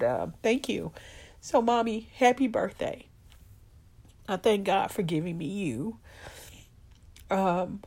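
A middle-aged woman telling a personal story in a heartfelt, emotional way, pausing often with fillers and addressing her listeners as y'all. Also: lowish voice, darkish tone, breathy edge.

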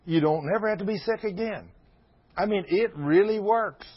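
A man's voice: high voice, moderate pace, slightly rough. A man in his sixties preaching to a congregation, folksy and emphatic, slipping into fervent prayer. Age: 60s. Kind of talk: sermon. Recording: dull lo-fi recording.

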